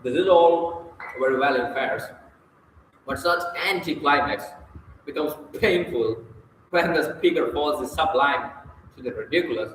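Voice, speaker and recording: A man slowly reading a book on public speaking aloud, pausing often and sometimes slipping over words. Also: on the high side, fairly bright tone, echoey room, long reverb tail, slight background noise, low-quality recording. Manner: slow, deliberate reading with long pauses, occasional slips.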